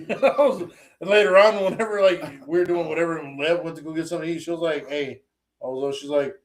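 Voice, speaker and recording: A man with a voice a bit high for a man, chatting on a livestream. He teases his friends, swears freely and acts out other people's lines as he tells a story. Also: fast. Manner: teasing, profane, acts out quoted dialogue. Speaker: podcast co-host. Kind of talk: casual livestream chat.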